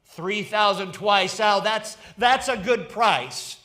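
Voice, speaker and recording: A preacher puts on a loud, pushy auctioneer, his voice pitched high and drawn out slowly as he calls for bids. The calls rise eagerly from one number to the next. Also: heavily acted. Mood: calling bids. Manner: calling out bids with rising excitement.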